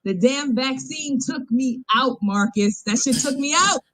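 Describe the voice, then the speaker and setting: A woman's voice: high-pitched, measured pace, fairly bright tone, no room sound. A woman co-hosting a comedy podcast, making exaggerated, indignant complaints in casual banter.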